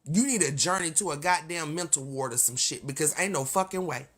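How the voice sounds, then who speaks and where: A woman with a bright, sharp voice, talking to her viewers on a livestream. She rants in a heated, profane run straight to the camera and keeps breaking into laughter and sorry-filled asides. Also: low voice. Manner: laughs often, apologetic asides. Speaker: livestream host. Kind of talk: casual livestream rant.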